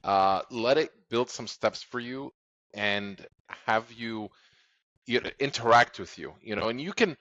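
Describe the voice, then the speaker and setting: A man's voice: medium pitch, animated, a little slow, a bit bright, dry recording. Rambling man on dull lo-fi audio. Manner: rambling, fillers, laughs at his own stories. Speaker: podcast co-host. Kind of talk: casual podcast chat.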